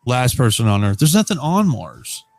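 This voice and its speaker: A man's voice: mid-range voice, sing-song, moderate pace, gravelly, darkish tone, no room sound, soft background music. A man hosting a casual morning radio show, easygoing, laughing easily and restarting his sentences.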